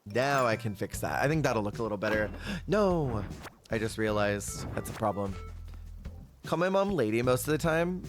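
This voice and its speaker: A man's voice: mid-range voice, big pitch swings, normal speed. A man streaming a cozy game, chatting casually, answering his chat and laughing often. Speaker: Twitch streamer. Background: game music.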